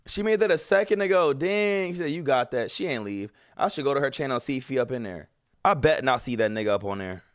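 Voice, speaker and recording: A man giving casual, animated reaction commentary as a streamer, slangy and swearing freely. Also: medium pitch, fast talker, smooth.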